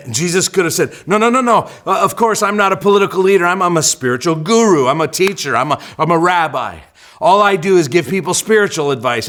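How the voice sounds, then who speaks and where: A man's voice: fairly high pitch, fairly bright tone. A man preaching a sermon as a church pastor, often repeating words as he starts phrases and acting out quotes with energy. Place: church sanctuary.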